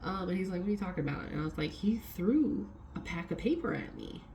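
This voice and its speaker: A woman's voice: on the low side, quick pace, vocal fry, a little hiss or hum. A young adult woman vlogging a casual storytime, swearing freely and acting out what others said. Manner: swearing, animated retelling with quoted voices.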